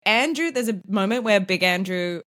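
A woman hosts a casual podcast chat, recapping a show in an animated, swear-laden way. She laughs often. Her voice sits in a middle register. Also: medium pitch, normal speed. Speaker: podcast host.

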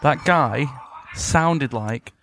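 A man's voice: medium pitch, extremely slow, fairly bright tone, slight background noise. A man co-hosting a podcast in a pub, joking and teasing in casual chat. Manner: jokey, teasing. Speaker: podcast co-host.

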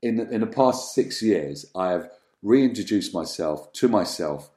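Guy, low mellow voice, guest on an interview, thoughtful, lots of ums and restarts. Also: lively intonation. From London, England. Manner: reflective, halting, many ums and restarts. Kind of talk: candid personal storytelling in an interview.

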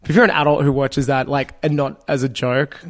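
A man's voice: medium pitch, flat delivery. A man co-hosting a podcast, chatting casually and trading jokes. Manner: joking, quick banter. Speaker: podcast co-host. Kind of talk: casual chat.

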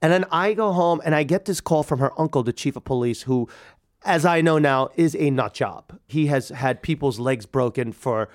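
Animated man telling his own story. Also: on the high side. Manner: animated, halting, many restarts. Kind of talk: personal storytelling.

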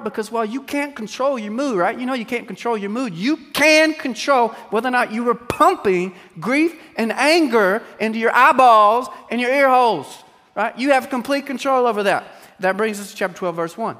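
A middle-aged man preaches a sermon, full of comic family stories. His voice sits high, and he drops to near hush before rising again. The sound carries the long reverb of a large hall. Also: a little fast. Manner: humorous storytelling, swings between hushed and loud. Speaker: pastor.

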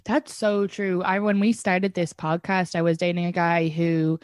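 A young Irish woman, a comedian guest, telling stories in a casual podcast chat with lively restarts. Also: fairly low pitch, unhurried, no room sound, studio quality. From Ireland. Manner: animated storytelling with frequent restarts and laughs.

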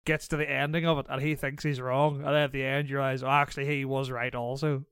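Young man, podcast co-host, smooth clear voice, dry close sound, animated and laughing. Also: medium pitch, fast, no room sound. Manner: animated, laughs often while talking. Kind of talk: casual chat.

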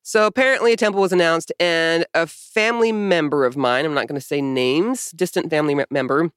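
A woman's voice: deep voice, fairly quick, clean tone, dry recording, studio quality. A woman co-hosting a podcast in casual chat, profane, sarcastic and mocking as she reads things aloud. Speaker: podcast co-host.

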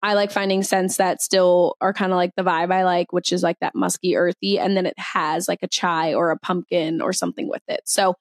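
A woman's voice: lowish voice, level tone, brisk, few pauses, dry recording. Chatty young woman podcast co-host. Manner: chatty, giggly, lots of filler words. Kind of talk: casual chat.

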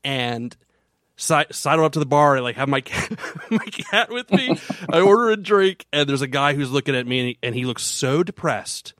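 A man's voice: on the high side, lively intonation, moderate pace, fairly bright tone, dry recording, clean studio sound. A man hosting a casual podcast chat, telling a rambling story with many restarts. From Florida. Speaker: podcast co-host.

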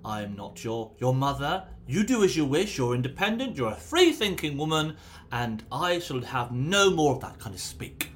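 A man voicing an aloof, formal woman who speaks in a measured, distant manner. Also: medium pitch, sing-song, slight background noise, close to an everyday voice. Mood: cold.

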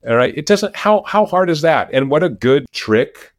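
A man as an interview guest, talking over a video call, lively and animated as he tells stories from his research. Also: fairly high pitch, moderate pace, dry recording, clean studio sound. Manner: animated storyteller, lively when telling anecdotes. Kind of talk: interview conversation. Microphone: remote video call.

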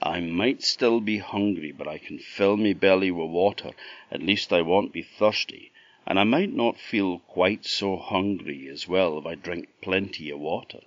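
A man's voice: deep voice, a little slow, no echo, dull audio. A man with an Orkney Scottish accent playing a naive, hungry young man in a folk tale, earnest and wide-eyed. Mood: relieved. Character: naive young male fool, hungry and amazed.

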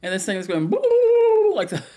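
A woman telling a personal story in an animated, polite way, often laughing. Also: high voice, moderate pace.

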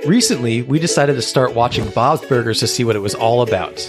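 A man's voice: medium pitch, fairly quick, music in the background. A man co-hosting a podcast in playful casual chat, teasing his co-host and making up food puns.

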